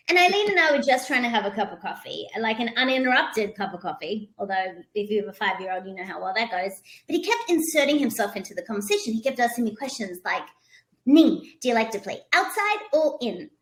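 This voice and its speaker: A woman guest on a podcast, telling stories in a lively, expressive way. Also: a little high, roomy sound. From moved to the US from abroad. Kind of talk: storytelling interview talk.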